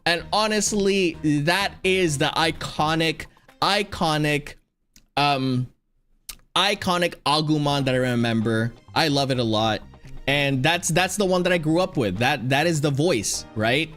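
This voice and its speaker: A man's voice: on the high side, a little slow, fairly bright tone, faint music behind. Rambling man chatting casually. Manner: rambling, with many restarts and fillers. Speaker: streamer. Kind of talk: casual chat.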